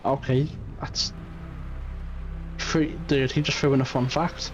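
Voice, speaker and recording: A man's voice: medium pitch, flat delivery, slow, long pauses. A man streaming a story game, giving offhand joking asides. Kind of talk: casual game commentary. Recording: muffled stream audio, faint music.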